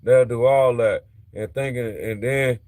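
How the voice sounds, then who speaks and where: Slow-talking man chatting to viewers. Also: medium pitch, fairly even intonation, a little mellow, no room sound. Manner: loose, chatty, talks straight to viewers in slang. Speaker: livestreamer. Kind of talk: casual live chat while working on a truck.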